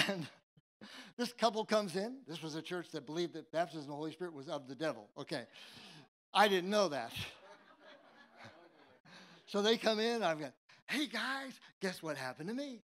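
A man's voice: fairly high pitch, animated, normal speed, pauses often, fairly bright tone. A man from San Jose, California, preaching a sermon and telling a personal story with humor and many restarts. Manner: humorous, tongue-in-cheek storytelling; conversational, with frequent restarts.

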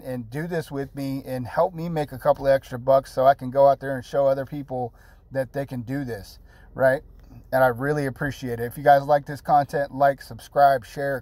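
A man of middle pitch hosts a casual tutorial, rambling along with restarts and fillers. He is blunt and jokey and swears lightly. The recording is close and dry, with no room sound. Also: darkish tone, dry recording. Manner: rambling and chatty, with repeated words and fillers. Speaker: channel host.

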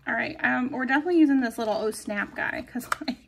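Giggly high-voiced woman crafting. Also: fast talker, gravelly, a little hiss or hum. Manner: chatty and giggly, drifting into soft murmurs while crafting. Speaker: planner vlogger. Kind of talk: casual plan-with-me narration.

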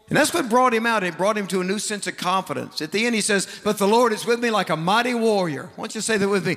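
High-voiced preacher in a reverberant hall. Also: male voice, creaky, fairly bright tone. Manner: emphatic preaching with repeated phrases and scripture quotes. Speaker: pastor. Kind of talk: sermon. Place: large church sanctuary.

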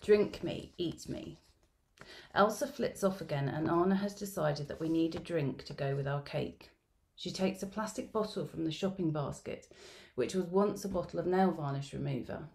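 Low, gravelly-voiced middle-aged woman reading. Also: a little mellow. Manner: measured, reflective storytelling delivery. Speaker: education researcher presenting at a symposium. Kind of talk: reading a field-note narrative aloud.

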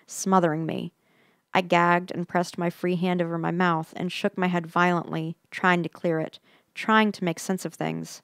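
A woman's voice: on the low side, clean tone, no echo, clean studio sound. A woman podcast host reading a first-person ghost story aloud with suspenseful pacing, sometimes dropping into tense whispers.

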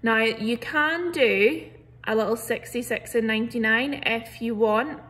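A woman's voice: fairly high pitch, unhurried, a bit bright. A young woman teacher, explaining a grammar lesson patiently step by step. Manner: patient step-by-step explaining, reads examples aloud with emphasis. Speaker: primary school teacher. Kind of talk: recorded remote grammar lesson.

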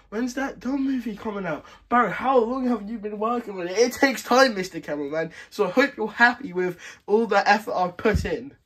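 A man's voice: on the high side, fairly bright tone. A man hosting his channel, introducing his homemade movie in a rambling, casual way. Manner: rambling, filler-heavy. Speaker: channel host.

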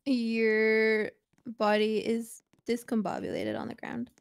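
Woman gaming w a friend, teasing and giggly, slightly high voice, dry close sound. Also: big pitch swings, slow pace, vocal fry, smooth, no echo. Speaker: streamer's friend and co-player. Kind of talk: casual chat while gaming.

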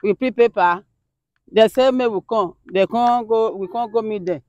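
A woman's voice: a little high, normal speed, a little mellow, no echo, highs cut off. A woman with a Nigerian accent, a mother wearily recounting her struggle and pleading for help. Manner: weary, pleading, recounting at length. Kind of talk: personal appeal.

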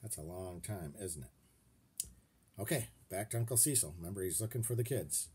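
A man reading a children's chapter book aloud, stopping to point out pictures and ask his young listeners questions. His voice is mellow and slightly husky, and it rises and falls in lively swings. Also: deep voice, moderate pace. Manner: expressive, checks in with listeners. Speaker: reader to children.

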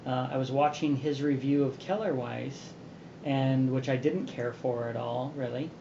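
A man's voice: medium pitch, moderate pace. Casual man hosting a beer review. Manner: relaxed and rambling, many fillers. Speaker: beer review show host. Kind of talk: casual chat. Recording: roomy, dull sound with background noise.

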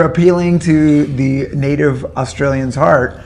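A man's voice: medium pitch, fairly quick. A man who sings in a band, joking crudely and boastfully in a mock-serious backstage interview. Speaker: band's singer. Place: backstage at a venue.

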